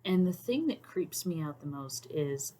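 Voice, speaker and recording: A woman's voice: sits low, lively intonation, measured pace, dark tone. A woman hosting a casual talk to camera, thoughtful with many "um"s, sometimes dropping to a near-whisper. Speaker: YouTube host.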